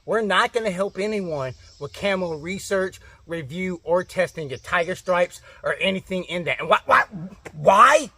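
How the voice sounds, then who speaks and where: High, sharp-voiced man ranting furiously. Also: moderate pace, hardly any pauses, dry recording. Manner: angry, profane, swearing constantly, repeating himself. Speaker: comedic ranting character. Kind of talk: profane comedic rant to camera.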